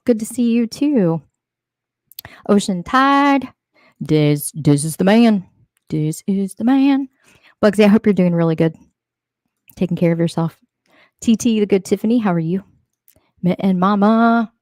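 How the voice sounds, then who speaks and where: A woman's voice: on the low side, no room sound, clean studio sound. A woman hosting a casual livestream, greeting chat viewers one by one in a friendly, chatty way. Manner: friendly, chatty, rapid shout-outs. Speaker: livestream host.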